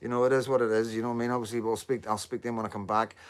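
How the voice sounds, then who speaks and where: A man's voice: mid-range voice, level tone, racing. A man with a Northern Irish accent talking to viewers on a casual live stream, rambling with lots of repeated fillers and the odd swear word. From Northern Ireland.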